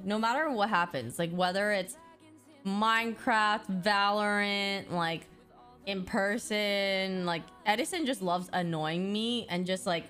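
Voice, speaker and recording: A woman's voice: lowish voice, fairly bright tone. A woman telling a funny story in casual chat, giggling and saying "like" a lot. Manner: giggly, fast, filler-heavy with lots of "like".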